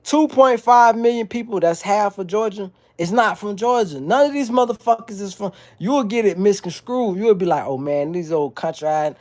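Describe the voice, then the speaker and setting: A man's voice: high voice, lively intonation, normal speed, hardly any pauses, a little mellow. A man from South Florida talking casually into his phone at home during a livestream, rambling through stories in loose, profane street talk and often losing his thread. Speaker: livestream host.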